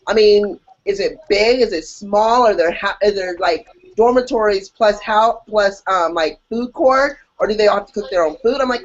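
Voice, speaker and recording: A woman co-hosting a podcast in casual chat, animated and jokey, acting out her own reactions. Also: mid-range voice, moderate pace. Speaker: podcast co-host. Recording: dull lo-fi audio.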